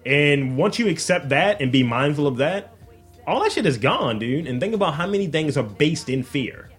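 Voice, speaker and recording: Man, husky voice, lively up-and-down pitch, laid-back rambling podcast chat, faint music behind. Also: moderate pace. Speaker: podcast co-host. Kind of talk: casual podcast banter.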